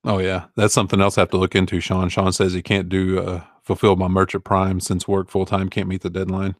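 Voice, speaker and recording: A man's voice: sits low, completely flat delivery, a little fast, dry recording, studio quality. A man in his forties, an online reseller, chatting casually and rambling through viewer questions with easygoing fillers and chuckles. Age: 40s. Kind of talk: casual live Q&A chat.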